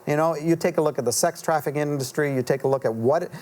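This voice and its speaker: A middle-aged author, a guest in a TV studio interview, tells a story earnestly but haltingly, with many fillers and restarts. His voice is a little high, with a darkish tone.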